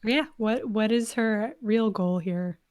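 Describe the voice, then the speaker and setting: A woman's voice: on the high side, slow, a little mellow, no echo, studio quality. A woman guest player in a tabletop game, hesitant and unsure of what to ask. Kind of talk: casual tabletop game talk.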